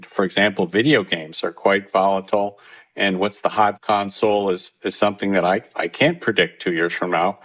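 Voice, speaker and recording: Middle-aged male economist guest, steady and explanatory, lowish voice. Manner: measured, explanatory. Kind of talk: interview answers.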